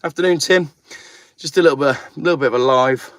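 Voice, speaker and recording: A man's voice: a little high, fast talker, a bit bright, no echo. A man hosting a casual livestream, chatting and greeting viewers while cleaning his car outdoors. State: a little out of breath. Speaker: channel host.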